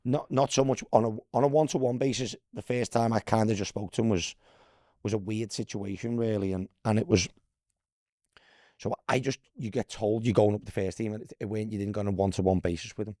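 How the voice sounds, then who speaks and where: Low-voiced Scouse man telling stories. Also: steady tone, fairly quick, warm tone, no echo, studio quality. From Liverpool, England. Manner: chatty, swears freely, calls people lad. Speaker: guest, former footballer. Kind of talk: casual storytelling chat.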